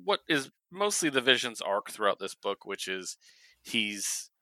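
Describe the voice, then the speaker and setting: A man's voice: mid-range voice, very animated, unhurried, bright, forceful tone, dry recording. A man co-hosting a comic book podcast, talking casually with lots of fillers and restarts. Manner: rambling, filler-heavy. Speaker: podcast co-host. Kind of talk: casual chat.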